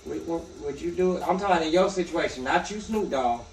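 A man co-hosting a podcast in casual chat, loud and laughing through crude banter. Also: fairly high pitch, a little fast. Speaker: podcast co-host. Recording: echoey room from far off.

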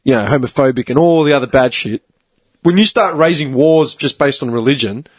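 A man's voice: mid-range voice, brisk, husky, dry recording. A young Australian man chatting casually as a podcast host, swearing freely and laughing often. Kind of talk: casual chat.

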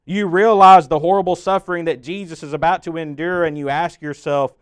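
A man preaching a dramatic sermon that walks the listener through the scene as "you", swelling loud and then dropping to a hush. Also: fairly high pitch, steady tone, a little fast, clear, resonant tone, no echo. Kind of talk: dramatic guided sermon narration.

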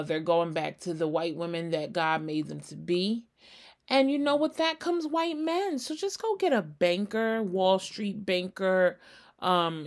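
A woman hosts her own casual gossip podcast. She talks solo, blunt and sassy, swearing freely and speaking directly to the people she is talking about. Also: medium pitch. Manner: sassy, blunt, talks straight at the person discussed. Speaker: podcast host.

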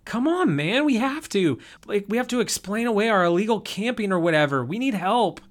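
A man's voice: high-pitched, expressive, moderate pace, a bit bright, voice pushed up. A nervous young man pleads in a raised, anxious voice, as a male narrator plays him. He sounds like he is losing his nerve. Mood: pleading.

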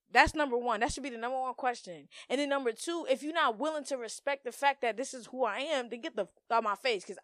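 A woman's voice: a little high, dry recording, clean studio sound. Blunt, profane young woman podcaster. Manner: blunt, profane, emphatic, slangy. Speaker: podcast host. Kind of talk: casual monologue.

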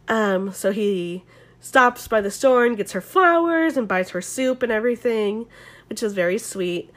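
A woman's voice: fairly high pitch, unhurried. Chatty Californian woman with the flu. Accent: Southern Californian. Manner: chatty, swearing, many likes and ums. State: sick with flu. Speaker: podcast host. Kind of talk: casual reality-show recap.

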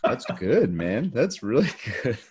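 A man's voice: medium pitch, very animated, a little slow, darkish tone, breathy edge. A middle-aged man co-hosting a podcast, talking in a rambling, joking way with many restarts. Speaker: podcast co-host. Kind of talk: casual interview chat.

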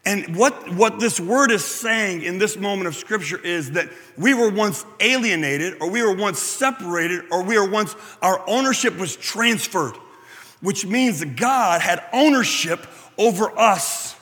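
Bright-voiced pastor preaching in a reverberant hall. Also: male voice, high-pitched, lively intonation, a little slow. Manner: conversational, asks the room "right?" often; self-deprecating asides. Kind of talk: sermon.

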